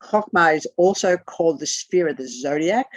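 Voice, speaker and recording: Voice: mid-range voice, expressive, normal speed, no echo. A teacher leading an online class over a video call, bluntly spelling out terms letter by letter, with the odd swear word.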